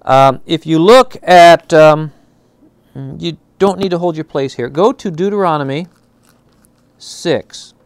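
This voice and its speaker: A man teaching a Bible class in a classroom. He talks conversationally, often checks in with "okay?", gropes for words and slows down to sound out Hebrew words. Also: on the high side, smooth, no room sound. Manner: searches aloud for words, with fillers and restarts.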